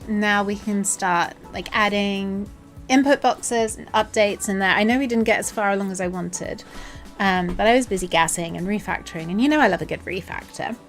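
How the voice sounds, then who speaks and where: A woman with a southern English accent chatting casually while she codes on a livestream, playful and joking. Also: medium pitch. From England. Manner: playful, chatty, slips into silly voices and jokes. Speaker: software developer streaming her coding.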